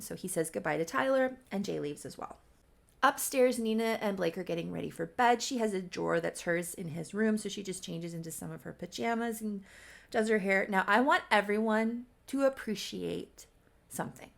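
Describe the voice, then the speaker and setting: Chatty young woman, quick casual recap, lots of fry, offhand asides. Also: mid-range voice. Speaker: YouTuber. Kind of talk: casual recap of a Sims story.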